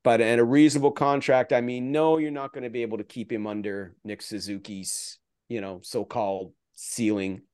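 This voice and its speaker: A man's voice: medium pitch, steady tone, normal speed, few pauses, darkish tone, smooth, no room sound, studio quality. A man talking as a guest analyst in a casual podcast chat, rambling with restarts and jokey asides.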